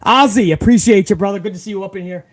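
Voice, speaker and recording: A man with a fairly high voice hosts a casual live stream, reading viewer comments aloud. He rants with heavy profanity and keeps calling his audience bro. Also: fast talker.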